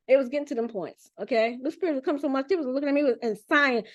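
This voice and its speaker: A woman giving a casual spiritual reading in an animated, chatty and profane way. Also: a little high, fast talker, dry recording, lo-fi sound. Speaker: spiritual reader.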